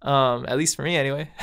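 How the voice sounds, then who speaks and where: Solo podcast host, man, smooth clear voice, earnest and slangy, chuckles between thoughts. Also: a little high, a bit bright. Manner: earnest, laughs often, slangy asides to listeners. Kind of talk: casual spiritual monologue.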